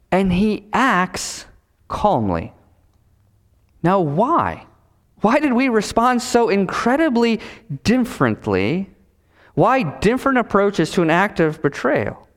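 Male pastor, sermon delivery; high, animated voice, emphatic repetition, reverberant church hall. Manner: emphatic preaching with repetition and dramatic pauses.

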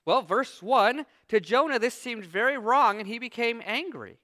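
A man's voice: very high-pitched, normal speed, no echo, clean studio sound. A man preaching a sermon, who acts out a biblical figure's angry complaints in a raised voice. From United States. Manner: animated preaching, acting out Jonah's complaints in a raised voice. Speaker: pastor.

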